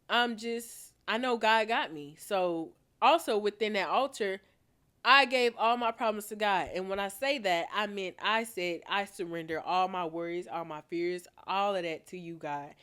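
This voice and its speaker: A woman's voice: medium pitch, fairly bright tone, smooth. A young woman, hosting a podcast and telling a personal story in a candid way, with emphatic repetition. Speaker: podcast host.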